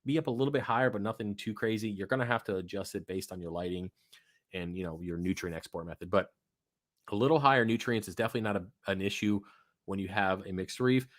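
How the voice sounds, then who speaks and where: Blunt, casual man with a low, dry voice. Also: fast, no echo. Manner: blunt, profane, rambling, self-mocking. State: losing his voice. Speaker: host of a live aquarium Q&A. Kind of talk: casual live-stream chat.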